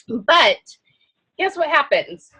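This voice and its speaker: A loud, outgoing woman giving an animated coaching talk to a sales team. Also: sits high, low-quality recording. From not from the Midwest.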